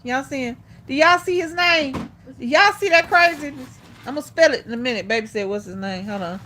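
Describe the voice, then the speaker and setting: A woman's voice: sits high, animated, a little fast, pushed and bright, a little hiss or hum. A woman hosting a casual livestream, chatting with her viewers and calling them y'all. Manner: sing-song coaxing to her dog. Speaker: livestream host.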